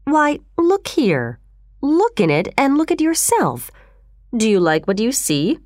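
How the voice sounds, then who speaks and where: A brooding, intense man who probes and presses, as a woman reading a storybook puts him on. His pitch swings widely, close and dry with no room sound. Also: huge pitch swings, takes it slowly, a little mellow, no room sound, exaggerated voice. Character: brooding, intense, unsettling male customer.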